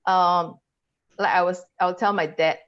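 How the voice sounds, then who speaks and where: A woman's voice: lowish voice, fairly even intonation, unhurried, lo-fi sound. A Singaporean woman, an English coach, teaching pronunciation on a video call. She drills sounds aloud and laughs often. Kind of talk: webinar teaching, demonstrating sounds.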